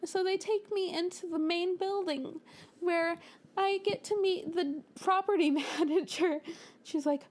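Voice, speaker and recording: A young woman from the United States, telling a storytime over a speedpaint in an animated way. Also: very high-pitched, measured pace. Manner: animated, acts out quoted lines with little voices and laughs. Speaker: storytime narrator.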